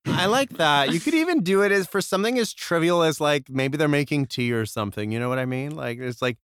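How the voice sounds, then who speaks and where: Joking podcast guy, voice jumps all over, smooth, dry close mic. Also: a little high, animated, fairly quick, fairly bright tone, no room sound. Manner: playful, hums and does joke voices. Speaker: podcast co-host. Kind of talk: comedic banter.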